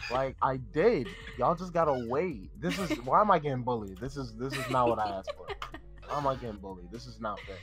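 A man's voice: medium pitch, brisk, over music. A young man on voice chat with gaming friends, laughing, swearing and playfully complaining about being teased. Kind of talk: casual gaming banter.

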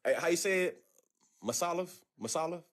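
A man's voice: fairly high pitch, lively intonation, brisk. An American man streaming a casual video chat, talking in loose slang with lots of stammered restarts, heard over a video call. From United States. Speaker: streamer chatting with strangers online.

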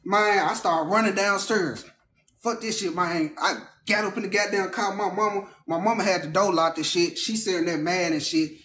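A man casually telling a true story, animated and profane, acting out the people in it. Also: sits high, normal speed, reverberant, slight background noise.

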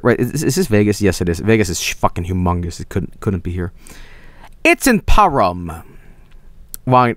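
A young man with a Swedish accent streaming a geography guessing game, thinking aloud, swearing and breaking into excited yelps. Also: lowish voice, no echo, clean studio sound. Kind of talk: casual gameplay commentary.

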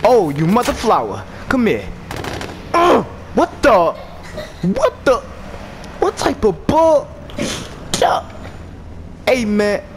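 A young man giving goofy, slang-filled commentary while playing a game, swinging between loud outbursts and low mumbles. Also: wildly swooping pitch, slow pace, pauses often, background noise. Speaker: gameplay streamer. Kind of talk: comedic gameplay commentary.

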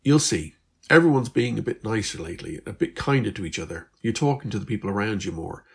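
A man's voice: on the low side, lively intonation, quick pace, vocal fry, slightly rough, heavily acted. A man playing a weary, earnest Irish teen girl. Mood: reassuring. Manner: chatty, earnest, slightly exasperated. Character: teenage girl Beth, weary but hopeful.

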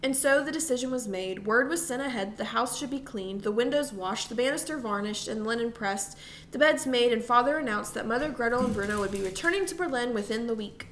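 Brief woman narrator, storybook reading, fairly high voice, faint background hiss. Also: a little fast, a bit bright. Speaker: audiobook reader.

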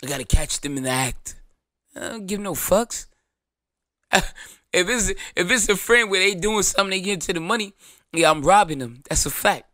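A man's voice: high voice, expressive, moderate pace, pushed and bright, no room sound, clean studio sound. A man, hosting his show in a blunt, profane, joking monologue. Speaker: show host. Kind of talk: casual monologue.

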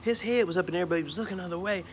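A man from Georgia, telling a lively story outdoors about his lawn care work, often stumbling over repeated words. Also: sits high, rapid-fire, a little hiss or hum. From Atlanta, Georgia. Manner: animated, stumbling repeats, acts out bits. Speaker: lawn care worker filming a vlog. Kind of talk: casual storytelling. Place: outdoors by a carport.

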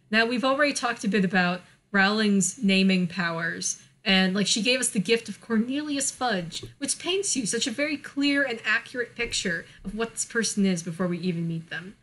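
Mid-range and fairly bright, her voice is animated at a normal pace. This American co-host chats casually on a podcast, laughing often and using lots of filler words.

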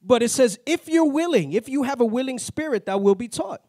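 A man teaching a Bible class in a plain-spoken, conversational way, tagging his points with a quick "right?". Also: very high-pitched, expressive, dark tone, no echo, clean studio sound. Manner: tags nearly every point with "right?"; plain-spoken, slangy asides.

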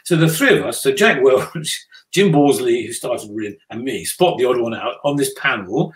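A man's voice: medium pitch, lively intonation, normal speed, poor audio. An older man from the United Kingdom, interviewed as a business leader, telling stories with dry, self-deprecating humor and frequent restarts. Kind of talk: conversational interview storytelling.

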